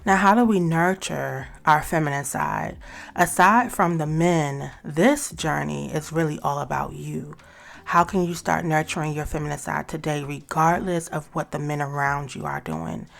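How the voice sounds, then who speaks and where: A woman's voice: sits low, moderate pace, vocal fry. A woman hosting a talk show, giving chatty, direct advice to her listeners in a casual way. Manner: chatty and direct, addresses listeners as y'all and sis. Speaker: host.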